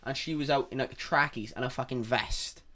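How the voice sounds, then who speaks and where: Male co-host, casual chat, animated and sweary storyteller, mid-range voice. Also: medium pitch, moderate pace, a crowd in the background. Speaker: podcast co-host.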